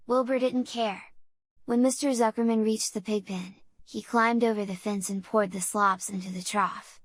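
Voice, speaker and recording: A woman narrating a children's audiobook in a measured, unhurried way. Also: a little high, steady tone, no echo.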